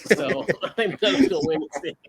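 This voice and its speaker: A man co-hosting a casual sports talk show, playful and quick to laugh. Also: on the high side, expressive, background noise. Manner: laughing, playful, hypes people up. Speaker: podcast co-host.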